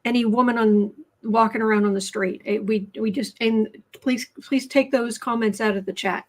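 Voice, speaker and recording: High-voiced woman chatting on a livestream. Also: fairly even intonation, normal speed, a little mellow. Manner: chatty, laughs easily, talks with her mouth full. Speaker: tarot reader co-host. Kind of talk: casual livestream chat.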